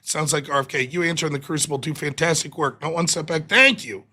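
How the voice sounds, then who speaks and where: High, bright-voiced male streamer. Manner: animated, exasperated, quick to mock. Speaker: livestream host. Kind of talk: casual live-stream talk.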